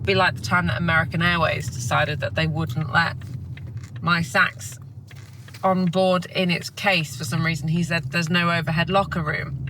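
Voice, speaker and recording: A woman, a professional saxophonist, chatting excitedly in a casual vlog. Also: on the low side, moderate pace, noisy background. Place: in a car and out and about.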